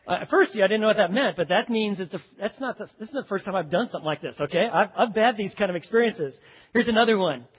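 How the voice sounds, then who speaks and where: Male pastor preaching, folksy and joking, high voice, long hall reverb, dull sound. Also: quick pace, husky. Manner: folksy, joking, animated delivery. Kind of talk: sermon.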